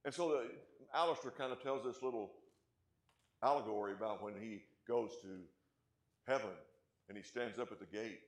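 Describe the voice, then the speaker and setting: A man preaching a sermon as pastor, asking his congregation questions and punching key points, then dropping to a hush. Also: medium pitch, moderate pace, pauses often, roomy sound. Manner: emphatic, rising loud on key points, then dropping quiet; asks the congregation rhetorical questions.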